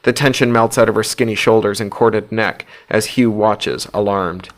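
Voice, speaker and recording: A man narrating an audiobook in a steady, low-key storytelling voice. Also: normal speed. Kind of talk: scripted narration.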